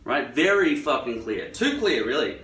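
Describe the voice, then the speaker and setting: A man's voice: medium pitch, normal speed, fairly bright tone. An Australian man talking in a rambling, profane and sarcastic monologue. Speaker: vlogger. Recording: echoey room, far from mic.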